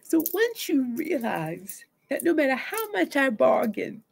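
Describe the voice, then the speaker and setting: A woman therapist talking casually to camera about grief and letting go, acting out inner voices with sudden swings in pitch and loudness. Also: very animated, unhurried, creaky. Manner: conversational, casual slang.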